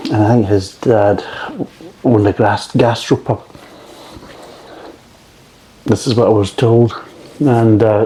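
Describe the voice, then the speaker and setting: This beer reviewer has a mellow voice on the low side. His take is loose and digressive, full of profanity and wandering asides.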